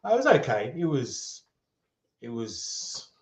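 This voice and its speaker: A man talking as a guest fan in casual football chat, halting and restarting often but upbeat. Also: mid-range voice, wildly swooping pitch, echoey room, a crowd in the background. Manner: hesitant, many fillers and restarts, upbeat.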